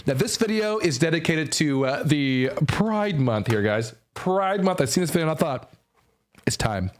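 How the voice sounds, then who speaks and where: A young man streaming, giving casual reaction commentary, animated, repeating lines, swearing and laughing often. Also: on the high side, moderate pace.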